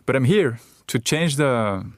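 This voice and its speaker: A man's voice: medium pitch, animated, a little slow, no echo, studio quality. A middle-aged man from France with a French accent, a comedian chatting in an interview, hesitant and repeating words as he jokes. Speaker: comedian guest. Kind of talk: casual interview chat. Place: radio studio.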